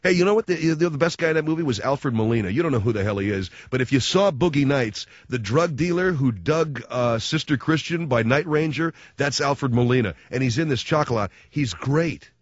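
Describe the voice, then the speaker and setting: A man hosting a show, delivering a sarcastic comic rant that swings between loud mocking outbursts and low muttered asides. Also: lively intonation, fairly quick, few pauses, dry recording, muffled recording.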